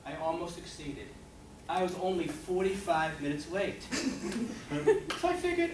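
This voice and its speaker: A man's voice: fairly high pitch, sing-song, a little slow. A man telling a funny personal story to a meeting audience, often laughing at himself. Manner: laughing, self-mocking storytelling. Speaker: club member telling an impromptu story. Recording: echoey meeting room from far off, loud noise.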